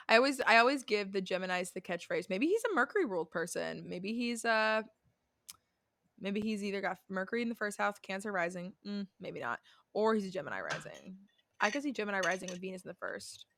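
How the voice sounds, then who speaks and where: A young woman co-hosting a podcast in a casual, animated chat, often restarting her sentences and swearing. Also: mid-range voice, brisk. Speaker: podcast co-host.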